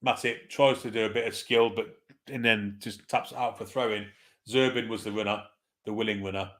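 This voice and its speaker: A man hosting a live football watchalong, calling the play in a relaxed, wry way and chatting with viewers. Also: on the low side, a little fast. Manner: laid-back, chatty, wry. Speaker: watchalong host. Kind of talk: casual live match commentary, reading chat.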